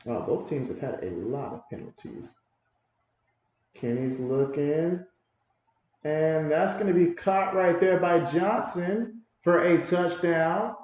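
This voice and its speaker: A man hosting a livestream, giving casual play-by-play commentary and reading viewer comments aloud with excitable reactions. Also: a little high, slow, highs cut off. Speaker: livestream host doing play-by-play. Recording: very echoey room.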